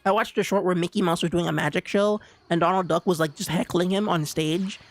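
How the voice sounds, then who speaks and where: A live streamer in casual chat, rambling and excitable, with lots of stammered restarts. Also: medium pitch, fairly quick, soft background music.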